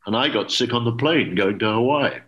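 An older man, an English actor, telling anecdotes in a relaxed interview and acting out quoted dialogue. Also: mid-range voice, fairly quick, dull audio. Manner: lively storyteller, acts out quoted dialogue. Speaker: actor guest.

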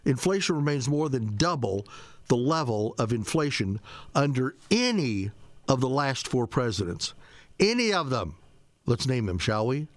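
A man's voice: mid-range voice, animated, moderate pace, no echo. A man hosting political talk radio, combative and sarcastic, firing off rhetorical questions.

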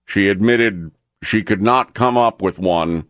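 A man co-hosting a radio show, bantering casually with a dry, deadpan delivery. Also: lowish voice, unhurried, no echo.

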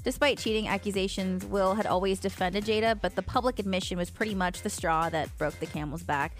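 Woman radio co-host, clear newsreader delivery, chatty, faint music under her. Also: mid-range voice, fairly quick. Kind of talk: reading news stories on morning radio.

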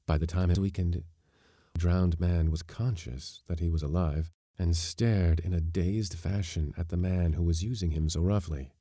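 A male podcast narrator reads a short story in a measured, even manner. His voice is very low and dark in tone. The recording is dry and close, with no room echo. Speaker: audiobook narrator. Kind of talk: scripted narration.

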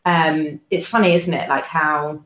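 Low-voiced woman telling a personal story. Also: steady tone. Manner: halting, many fillers and restarts; soft-spoken, trying to hold it together. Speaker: guest. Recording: roomy, dull lo-fi sound.

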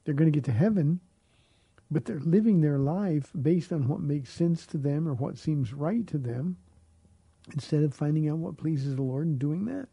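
A man's voice: on the high side, moderate pace, creaky, mellow, husky, no echo, lo-fi sound. A middle-aged man, a pastor answering listeners' questions on a call-in radio show, earnest and often repeating words as he searches for the phrasing.

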